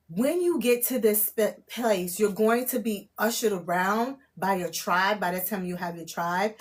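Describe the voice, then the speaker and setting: Excitable woman giving a live psychic reading. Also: medium pitch. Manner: excitable, swears, laughs at herself, says "okay?" a lot. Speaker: spiritual tarot reader. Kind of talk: live-streamed channeled reading. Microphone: phone or camera mic on a live stream.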